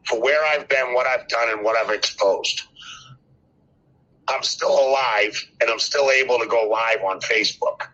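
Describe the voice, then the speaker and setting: Over a muffled, lo-fi phone line, this older caller delivers an impassioned talk-show speech, preaching hard and hammering phrases through repetition. His voice sits at medium pitch, husky, pushed and bright.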